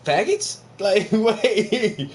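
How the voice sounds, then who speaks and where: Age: adult. Sex: man. Origin: from the United States. Pitch: a bit high, swinging widely as he riffs. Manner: loose, cursing, mocking, quick to laugh. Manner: profane, animated, laughs often, mocking asides. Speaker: video commentator reacting to a podcast clip. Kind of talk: casual profane reaction rant.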